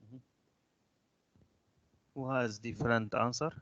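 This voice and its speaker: A man leads a math revision lesson for his students, speaking slowly and patiently with frequent hesitations. His voice sits at an ordinary pitch. The audio is dull and lo-fi, like an online class. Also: steady tone, a bit bright. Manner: slow, patient, instructing with fillers. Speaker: math teacher.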